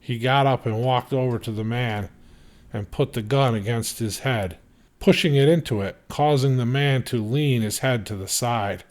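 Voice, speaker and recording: A man reading a novel chapter aloud in steady, measured narration. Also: mid-range voice. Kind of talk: audiobook reading.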